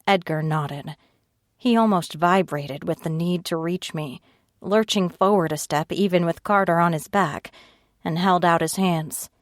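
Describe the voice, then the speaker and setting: A woman narrating an audiobook in first person, reading at a slow, steady pace and raising her pitch for the other characters' lines. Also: no room sound, clean studio sound, close to an everyday voice. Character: tearful frightened young woman narrator, Ivy.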